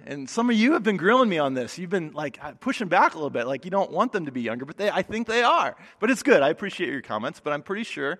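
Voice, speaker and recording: A male pastor preaching a sermon, conversational and emphatic, often dropping soft for stress. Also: high-pitched. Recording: long hall reverb.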